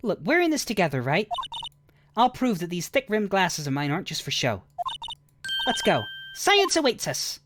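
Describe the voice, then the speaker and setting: A woman's voice: medium pitch, wildly swooping pitch, normal speed, noisy background, voice pushed up. A woman voicing an eager teenage girl who loves forensic science, earnest and proud of her know-how, over game music. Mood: determined. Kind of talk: voice-acted game playthrough. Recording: game music playing behind.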